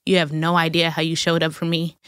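A woman in her thirties talks in a casual faith chat, emotional and effusive, tearful at times. Her voice sits fairly low, and the sound is close and dry. She speaks with heartfelt feeling. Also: completely flat delivery, quick pace, a bit bright, clear, resonant tone, no room sound. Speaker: guest.

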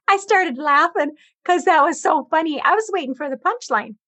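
A woman speaks in a high, animated, slightly bright voice at normal speed, with no echo in the recording. She is a talk show guest sharing her cancer story, earnestly recounting what happened and quoting the dialogue back and forth.

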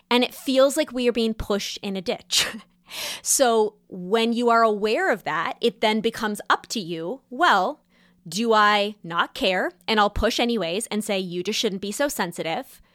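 A woman talking casually to her listeners about giving feedback, animated and laughing often as she acts out little quotes. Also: on the high side, unhurried, no room sound, clean studio sound. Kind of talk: casual advice talk.

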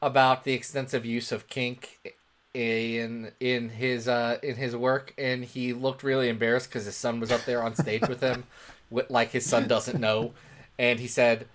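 A man's voice: medium pitch, a little slow. A man co-hosting a casual comics podcast, joking around and slipping into mock accents. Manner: jokey, animated, mock accents. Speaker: podcast co-host.

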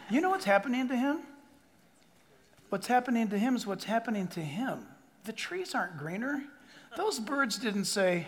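A man preaching a sermon as pastor to a congregation, animated and emphatic, with asides and quoted voices. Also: very high-pitched, normal speed, a little hiss or hum. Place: church hall before a congregation. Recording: long reverb of a large hall. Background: audience laughter.

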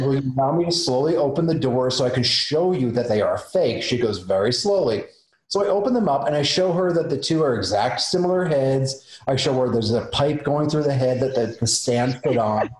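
A man, a special effects makeup artist, telling a story casually and acting out the voices of the people in it. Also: mid-range voice. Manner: animated, acts out the voices in his story. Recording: roomy echo.

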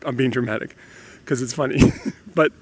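A father in his thirties or forties tells parenting stories in a loose, lively monologue, laughing often. His voice sits in the middle range and moves at a normal speed.

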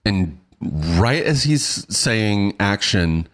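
A middle-aged man telling a story in casual chat, animated and swearing, acting out what people said. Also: fairly low pitch, drawn-out words. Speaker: guest.

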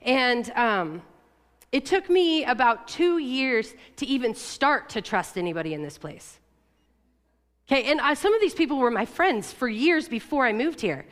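A woman's voice: on the high side, big pitch swings, moderate pace, fairly bright tone. Conversational woman preaching in a reverberant hall. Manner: conversational, candid, with fillers and self-corrections. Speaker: church leader. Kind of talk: sermon.

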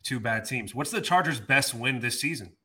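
A man's voice: medium pitch, animated, normal speed, sharp tone, breathy edge. A man ranting in exasperation on a sports podcast, swearing mildly. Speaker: podcast host. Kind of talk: casual sports talk.

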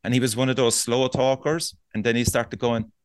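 A man's voice: mid-range voice, brisk, no echo. A man with a Cork Irish accent hosting a podcast, telling a rambling anecdote in casual chat and swearing freely. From Ireland. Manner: swearing, animated anecdote-teller. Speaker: podcast host.

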